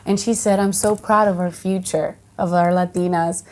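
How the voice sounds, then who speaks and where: An actress from the United States of Dominican heritage, chatting casually in an interview, full of fillers and restarts and lively quoted voices. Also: female voice, on the low side, normal speed. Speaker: actress and singer, guest.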